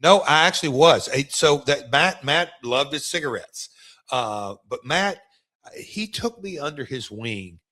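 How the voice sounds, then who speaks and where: A man's voice: fairly high pitch, expressive, unhurried, pushed and bright. A middle-aged man and former wrestler, co-hosting a casual podcast, telling rambling road stories and often restarting his sentences.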